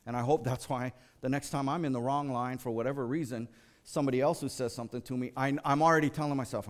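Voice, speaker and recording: This American man, a lay preacher with a mid-range voice, preaches fast. His sermon is told through lively stories in which he performs the voices of the people he quotes.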